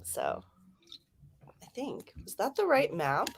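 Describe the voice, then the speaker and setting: American woman, bubbly guest, swooping animated voice, laughs easily. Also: a little high, slow pace, a crowd in the background. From United States. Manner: bubbly, giggly, thinks aloud. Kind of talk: casual chat on a writing stream break.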